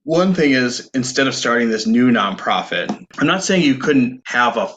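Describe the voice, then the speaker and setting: A man co-hosting a podcast in casual chat, thinking aloud in a halting way and often restarting sentences. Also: medium pitch, animated, fairly bright tone, lo-fi sound, a little hiss or hum. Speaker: podcast co-host.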